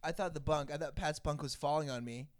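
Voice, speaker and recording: A young man talks quickly in loose podcast chat, stumbling and restarting his sentences as he recalls things. His voice sits in a middle range, recorded dry and close. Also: fairly high pitch, no room sound. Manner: rambling, self-correcting. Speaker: podcast co-host. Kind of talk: casual chat.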